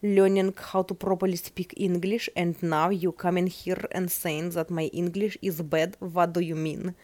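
A woman's voice: lowish voice, flat delivery, normal speed, a little mellow, close to an everyday voice. A woman playing an indignant Russian-accented alter ego.

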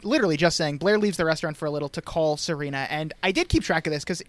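A man's voice: a little high, lively intonation, very fast, no room sound. A man from Long Island hosting a podcast, recapping a TV episode in casual chat and laughing often as he goes. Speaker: podcast host.

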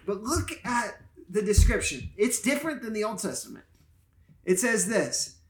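High-voiced pastor teaching with playful energy. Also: male voice, very animated, normal speed. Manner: playful, enthusiastic teacher who jokes and explains. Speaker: pastor and podcast co-host. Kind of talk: casual Bible teaching chat. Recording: roomy echo.

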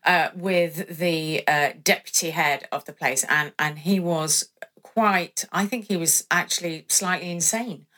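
An English woman, a singer, chatting about her training and career with lively storytelling and plenty of fillers. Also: low-pitched, a little slow. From England. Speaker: guest, opera singer. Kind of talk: casual interview chat.

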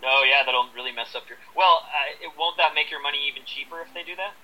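A man's voice: on the high side, quick pace, bright, forceful tone, low-quality recording. A man from the United States, a filmmaker, who chats as a guest and laughs easily. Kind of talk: casual interview chat.

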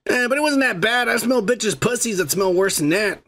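A young man co-hosting a podcast, talking crudely and boastfully in a casual drunk chat with a raspy voice. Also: high-pitched, expressive, fairly quick, pushed and bright. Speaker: podcast co-host.

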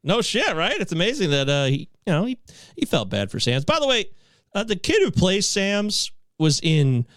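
Man, podcast host, casual movie chat, rambling, very lively pitch, dry close sound. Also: moderate pace, dry recording. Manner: rambling, animated, swears casually. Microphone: sharing a podcast mic.

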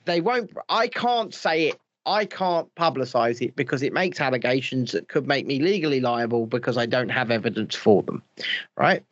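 A man's voice: mid-range voice, expressive, moderate pace, no room sound, dull audio. A man hosting a casual podcast, rambling and swearing with a laugh, wearing headphones at the mic. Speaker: podcast host. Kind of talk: casual chat. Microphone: headphones, studio mic.

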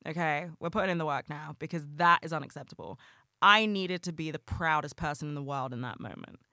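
A young adult host talking casually and heartfelt on a solo podcast, rambling with lots of "like" and swearing, bursting into excitement. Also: medium pitch, fairly quick, dry recording, studio quality.

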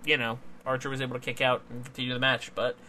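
A young man co-hosting a wrestling podcast, recapping a match in casual, excitable chat, swearing and laughing often. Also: medium pitch, fast.

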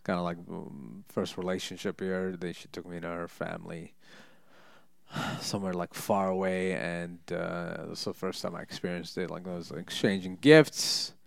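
A man's voice: deep voice, steady tone, moderate pace, vocal fry, no echo. A young man chatting casually, telling rambling, joking stories full of fillers and restarts. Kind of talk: casual storytelling chat.

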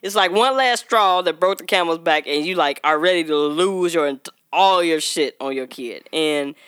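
A woman co-hosting a podcast, talking in with a bright, forward tone. She tells stories in a lively way and laughs often. The sound is close and dry. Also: moderate pace, clear, resonant tone, dry recording. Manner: animated storyteller, acts out quotes in a high voice, laughs often. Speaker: podcast co-host. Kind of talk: casual chat.

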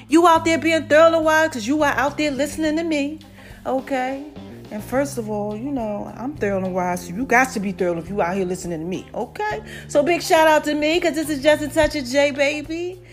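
A woman from South Jersey hosting her own podcast in a casual monologue, playful and sassy, calling her listeners "babies" and herself "Mama". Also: high-pitched. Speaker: podcast host.

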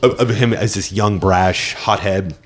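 A man's voice: fairly low pitch, fairly even intonation, measured pace, a little hiss or hum. A man in his thirties co-hosting a casual movie podcast, loose and profane, with lots of fillers. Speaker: podcast co-host.

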